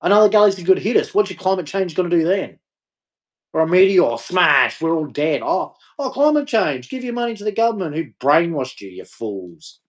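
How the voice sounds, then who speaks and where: Man, vlogger, mocking rambling rant; slightly high, very animated delivery. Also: a little fast. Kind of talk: casual rant to camera.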